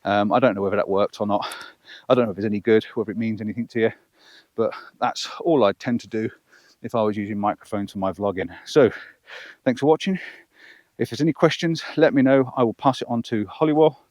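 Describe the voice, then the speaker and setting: A man's voice: on the low side, steady tone, a little fast, darkish tone, dry recording. Male vlogger, casual and self-deprecating, outdoors on a lapel mic, dry sound. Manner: chatty, self-deprecating, counting aloud. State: out of breath. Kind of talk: outdoor microphone range test vlog. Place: open hillside field with sheep, outdoors. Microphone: wireless lapel mic clipped on, far from camera.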